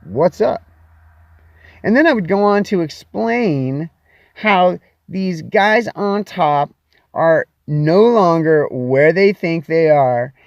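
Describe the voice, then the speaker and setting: On his own show, a man with a slightly high, expressive voice riffs in a loose, theatrical monologue, stretching out words for drama. The recording has no room sound and its highs are cut off.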